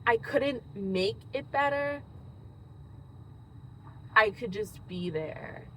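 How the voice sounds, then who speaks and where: A woman speaking in an earnest, thoughtful way, reflecting slowly and pausing often in a personal monologue. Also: on the high side, lively intonation, pushed and bright, a little hiss or hum, poor audio. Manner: slow, earnest, thoughtful, with frequent pauses. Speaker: host.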